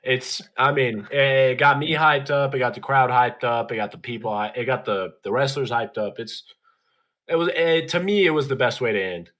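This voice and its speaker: A man's voice: mid-range voice, moderate pace, a bit bright. Laid-back male podcast co-host. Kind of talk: casual wrestling chat.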